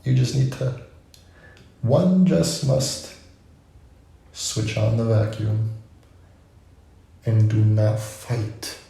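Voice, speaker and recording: A man's voice: on the low side, extremely slow, gravelly, long pauses, warm tone. A man vlogging, musing in a loose, rambling way full of asides. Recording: very echoey room.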